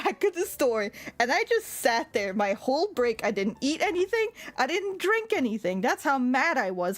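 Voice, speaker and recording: A young woman telling a story in casual chat, laughing often and filling her talk with "like.". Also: fairly high pitch. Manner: animated, laughs often, lots of "like" fillers; swears when annoyed. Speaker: streamer.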